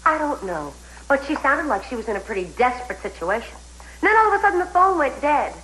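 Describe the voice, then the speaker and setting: A sneering, spiteful schemer. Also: female voice, high voice, big pitch swings, quick pace, pushed and bright, full character voice, poor audio. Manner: sneering, contemptuous. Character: scheming, spiteful woman taunting a rival. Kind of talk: soap opera acting.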